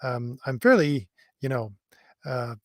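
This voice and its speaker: On his livestream, a middle-aged host slowly and expressively reads out viewer comments, meandering with fillers and chuckles in a mid-range voice. The sound is studio quality with no room sound. He says his voice has always come across to others as an old man's.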